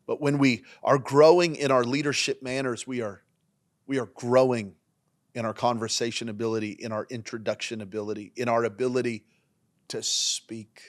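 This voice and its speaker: A man delivers a sermon-style leadership talk as a pastor and podcast host. His pitch sits at an everyday middle level, and he hammers points home by repeating single words. He moves between forceful lines and softer, quieter asides. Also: steady tone, moderate pace. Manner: emphatic and repetitive, swinging between punchy lines and quiet asides.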